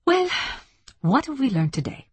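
A woman's voice: high voice, big pitch swings, normal speed, slightly rough, no echo, voice pushed up, exaggerated voice. A woman voicing a fussy, precise man who chairs a meeting. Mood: measured. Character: fussy tall bald male chairman.

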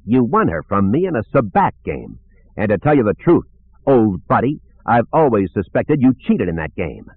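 A man voicing a cocky, smooth-talking male gambler who teases with sarcasm. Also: fairly low pitch, sing-song, normal speed, no echo, exaggerated voice. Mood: needling, cocky. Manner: teasing, sarcastic, self-assured. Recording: narrow phone-like sound.

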